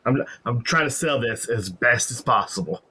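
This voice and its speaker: Male tabletop player, mid pitch, bright tense voice, brash. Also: animated, moderate pace, husky. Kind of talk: casual game table talk.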